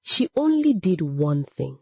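A woman narrates a story slowly, with measured, emotive phrasing. Her voice is husky and mellow, with lively swings in pitch. The sound is close and dry. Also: no echo.

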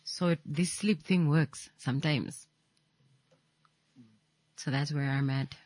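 A woman with a Namibian English accent hosting a casual radio talk show, animated and teasing. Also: low-pitched, slow pace, no room sound. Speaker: radio host.

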